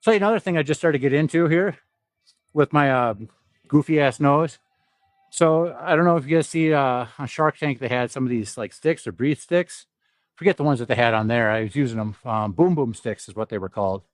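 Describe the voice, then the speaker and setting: A young fitness vlogger from South Dakota livestreams from an indoor gym, chatting casually and profanely in a nasal, stuffy-nosed voice. His mid-range voice moves a little fast, and he rambles and laughs often. The sound is clean studio quality with no room sound.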